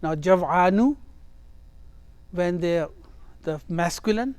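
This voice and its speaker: Patient grammar teacher, repeats key words, unhurried delivery, dead-dry sound. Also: mid-range voice, animated, darkish tone, clean tone, no echo. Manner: reads a phrase, then translates and explains it step by step; repeats words and phrases for emphasis. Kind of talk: Arabic grammar lesson.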